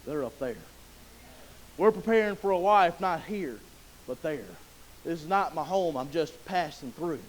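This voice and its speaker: Folksy preacher, high voice. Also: male voice, lively intonation, unhurried, low-quality recording. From Southern US. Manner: folksy, conversational preaching that rises to loud emotional pleading. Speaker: pastor. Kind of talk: sermon. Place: church sanctuary.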